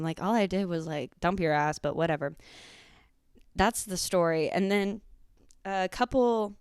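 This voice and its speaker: A woman, hosting a podcast and telling a profane, animated story in casual chat. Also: lowish voice, clean tone, no echo, clean studio sound. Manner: animated, profane, acts out quotes. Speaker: podcast host.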